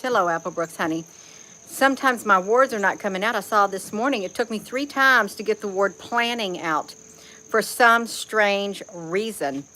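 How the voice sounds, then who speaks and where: A woman's voice: medium pitch, bright, forceful tone, a little hiss or hum, poor audio. A woman hosting a casual livestream outdoors, chatting to viewers by name in a folksy way and often saying "you all". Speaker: livestream host reading chat. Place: outdoors among trees.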